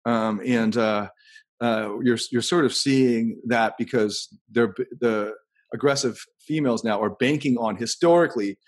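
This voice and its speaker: A man's voice: medium pitch, a little slow. A man hosting a casual podcast conversation, rambling and thinking aloud as he tells anecdotes.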